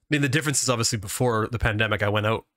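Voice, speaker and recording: Quick-talking man, dry close sound, dark jokes, casual chat. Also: lowish voice, no echo. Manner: joking, deadpan dark humor. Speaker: podcast co-host.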